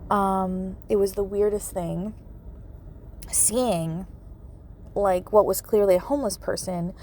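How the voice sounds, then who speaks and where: A woman's voice: medium pitch, slow, dark tone, a little hiss or hum. A woman hosting a podcast, telling a personal story with many fillers and laughing through tears. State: tearful. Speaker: podcast host, medium.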